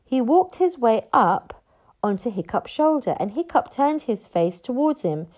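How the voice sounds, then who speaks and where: A woman narrating a children's book aloud in an expressive storyteller manner. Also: fairly high pitch, measured pace.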